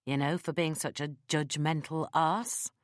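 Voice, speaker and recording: A teasing confident guy in an audiobook, read by a woman, dry humor, low voice, very dry close sound. he talks in a steady, easy way and keeps poking fun. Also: measured pace, dry recording. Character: teasing confident man, a marine best man.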